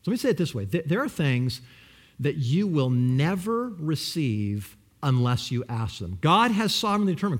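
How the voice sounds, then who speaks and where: A man preaching a sermon with passion, swinging between loud pleading and hushed, near-whispered lines. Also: on the high side, very animated, moderate pace, slightly rough. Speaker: pastor.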